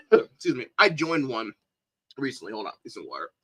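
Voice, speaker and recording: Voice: mid-range voice, huge pitch swings, moderate pace, a little mellow, no echo, poor audio. A livestreamer giving reaction commentary, incredulous and often laughing as they talk to their viewers.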